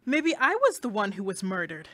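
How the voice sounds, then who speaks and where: Woman doing a wry guest, lively pitch, dry close sound. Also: normal speed, no room sound. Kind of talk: college radio comedy sketch.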